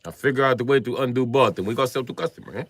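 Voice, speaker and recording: A man voicing a brash Russian junkyard worker with a put-on Russian accent, talking gruffly in clipped, broken phrases. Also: medium pitch, very fast, no echo, pitched above the performer's own voice, lightly acted. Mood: blunt.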